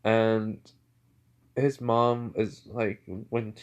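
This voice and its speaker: A man's voice: on the low side, flat delivery, very slow, clean tone, lo-fi sound. Rambling young man telling a fan story. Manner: rambling, full of "basically" and "like". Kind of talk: improvised story narration.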